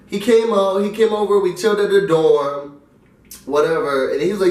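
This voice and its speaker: Animated young man telling a story. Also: a little high, fairly quick. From New York. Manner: animated, acts out the voices in his story. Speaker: vlogger. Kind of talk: casual storytelling. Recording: roomy, mic at a distance.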